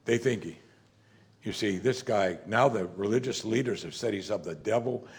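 A man's voice: fairly low pitch, normal speed, creaky. Conversational male pastor preaching. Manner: conversational, emphatic, repeats "you see". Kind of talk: sermon.

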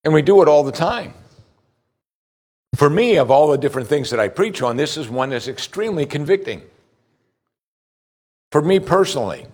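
A man preaching a sermon, talking in a conversational way, asking the listeners direct questions and often repeating a word as he starts a thought. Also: medium pitch. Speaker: pastor.

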